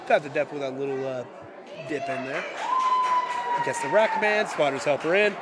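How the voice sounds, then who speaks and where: A man's voice: on the high side, normal speed, crowd noise. Congested man calling lifts at a meet. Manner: relaxed, self-correcting play-by-play with dry asides. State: congested from a cold. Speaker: meet commentator. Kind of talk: live sports commentary. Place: powerlifting meet venue.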